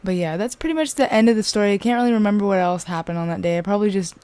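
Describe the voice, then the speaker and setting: A woman's voice: medium pitch, very fast, clear, resonant tone, no room sound. Chatty young woman telling a story. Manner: chatty, filler-heavy, animated retelling. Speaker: vlogger. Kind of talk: casual storytelling.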